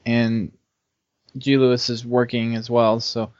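A man's voice: mid-range voice, flat delivery, a little slow, a little mellow, no room sound, dull audio. Modest young college guy on a podcast. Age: young adult. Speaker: podcast co-host. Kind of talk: casual podcast banter.

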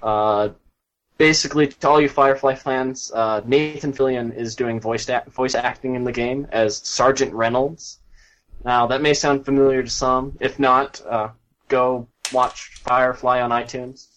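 A man with a mid-pitched voice, co-hosting a casual gaming podcast. He talks with gushing enthusiasm, often pausing on fillers and restarting his sentences. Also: fairly even intonation, fairly bright tone, low-quality recording.

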